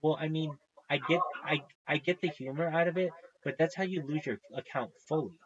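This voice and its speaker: Brisk and on the high side, this live streamer's voice comes through a muffled recording. Talking casually to his viewers, he's profane and ranting, growing more and more worked up.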